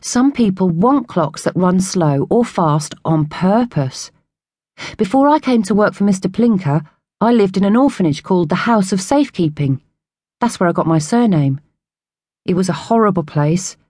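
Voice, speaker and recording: A woman's voice: medium pitch, expressive, normal speed, mellow, dry recording, clean studio sound, lightly acted. A woman doing an earnest young orphan boy. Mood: confiding. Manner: earnest, confiding.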